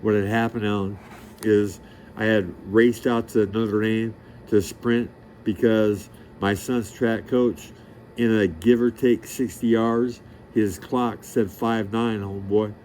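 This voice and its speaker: A middle-aged man with a somewhat low voice delivers a rambling monologue straight to the listener. He is brash and crude, bragging and peppering his talk with street slang. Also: fairly even intonation, takes it slowly, darkish tone, a little hiss or hum. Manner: profane, boastful, streetwise; rambling, loses track of the story. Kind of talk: rambling direct-to-camera monologue.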